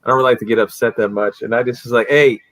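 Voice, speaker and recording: Man, livestream guest, casual chat, lively storytelling, average pitch, dry close sound. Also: rapid-fire, no echo, low-quality recording. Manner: animated storyteller who acts out the people in his stories. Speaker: livestream guest, collectibles seller.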